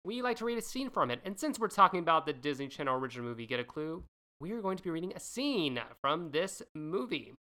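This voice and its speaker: Woman podcast co-host, lively and bright, slightly low voice. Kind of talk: casual chat.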